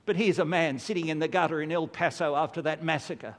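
An older man preaches in a high voice, earnest and emphatic. He slows down for heavy pauses. His voice rings through a long church-hall reverb. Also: steady tone. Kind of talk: sermon.

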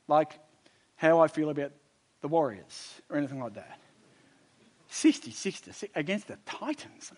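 High-voiced man preaching emphatically. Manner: emphatic, swings from loud exhortation to low intensity; conversational storytelling asides. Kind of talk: sermon.

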